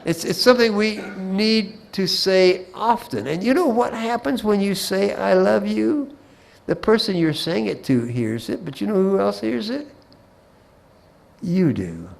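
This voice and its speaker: In a folksy Bible class talk, a man tells humorous anecdotes and asides, often repeating words as he restarts a phrase. His high-sitting, creaky voice has lively intonation and a slightly slow pace. The recording quality is low.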